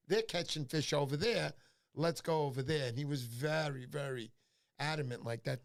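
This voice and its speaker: A man hosting a casual fishing livestream, talking loosely with lots of fillers. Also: on the high side. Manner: rambling storyteller with many fillers. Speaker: livestream host. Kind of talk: casual live-stream chat.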